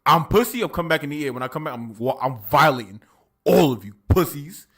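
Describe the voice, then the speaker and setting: Man playing an angry vampire lord with a bright, slightly higher voice, loud and boastful. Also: lively intonation, quick pace. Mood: threatening. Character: furious male vampire lord talking street slang.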